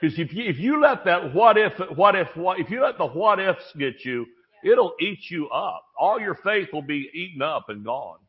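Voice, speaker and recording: A man's voice: high-pitched, normal speed, husky. A man preaching a sermon, telling stories with acted-out voices and jokes. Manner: storytelling preacher, animated, acts out voices and jokes. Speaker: pastor. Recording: dull lo-fi sermon audio.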